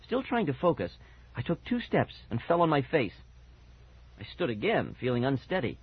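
A man's voice: medium pitch, sing-song, moderate pace, breathy edge. A man narrating a first-person scary children's story on audiobook, dramatic and building suspense, on a muffled cassette recording.

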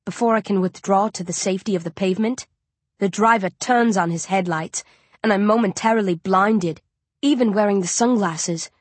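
A woman's voice: medium pitch, normal speed, no room sound. A woman reading a tense story aloud in first person, as an audiobook narrator.

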